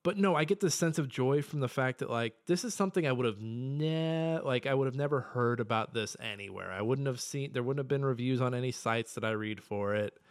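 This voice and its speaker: A young man in a casual podcast chat, his voice sitting at an ordinary middle pitch. He rants profanely and excitably, working himself up into loud bursts before dropping back to an offhand mutter. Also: a little fast, few pauses. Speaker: podcast co-host.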